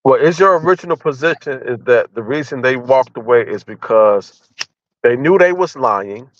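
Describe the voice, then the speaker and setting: A man's voice: mid-range voice, expressive, normal speed, no room sound, highs cut off. A man in a casual debate who challenges the other speaker in plain, informal talk. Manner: challenging, informal, pushes back.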